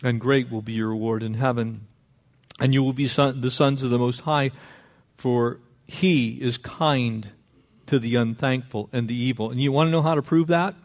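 A middle-aged man preaching a sermon, lively and conversational, acting out little dialogues. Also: medium pitch, normal speed. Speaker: pastor.

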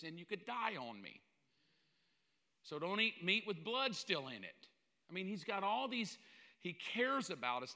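A man preaching a sermon in an animated, joking way, often mimicking the voices of other people. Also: a little high. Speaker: pastor. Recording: long hall reverb.

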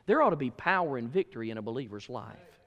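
A male pastor preaching a sermon, telling folksy stories and switching from loud emphasis to hushed asides. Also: mid-range voice, big pitch swings, quick pace, muffled recording. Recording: echoey hall.

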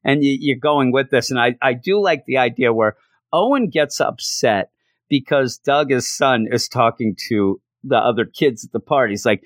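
A man casually recapping a comic plot, rambling through it with lots of fillers. His voice sits at an ordinary middle pitch and is recorded dry and close, with no room sound. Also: normal speed, no room sound. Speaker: comic book reviewer.

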